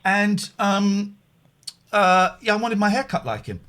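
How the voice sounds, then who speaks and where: A man hosting a late-night radio talk show, joking and excitable with callers. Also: high voice, unhurried.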